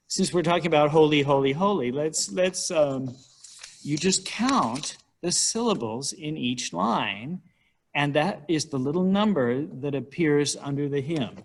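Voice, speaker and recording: A middle-aged man giving an informal, wry talk on hymnals at a church, chatting and sometimes counting syllables aloud. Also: on the high side.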